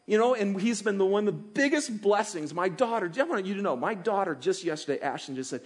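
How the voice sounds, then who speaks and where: Male pastor, middle-aged, high-pitched voice, animated sermon delivery with acted-out asides. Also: a little fast, breathy edge. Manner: animated, acts out quoted voices of God and listeners.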